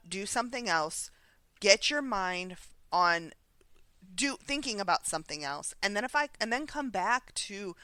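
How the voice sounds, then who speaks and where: A woman's voice: mid-range voice, lively intonation, measured pace, bright, forceful tone, dry recording. A woman co-hosting a recovery podcast in casual chat, thinking aloud through personal anecdotes. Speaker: podcast co-host.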